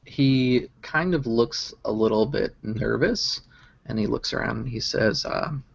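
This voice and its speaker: A man narrating as game master of a tabletop game, relaxed and halting, with many fillers. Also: medium pitch, gravelly, husky, no room sound, dull audio.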